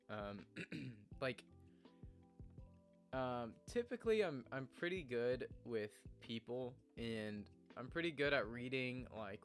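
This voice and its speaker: A man's voice: medium pitch, a bit bright. Earnest rambling young man streamer. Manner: earnest and rambling, laughs at himself. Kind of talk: casual morning stream chat. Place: home streaming room.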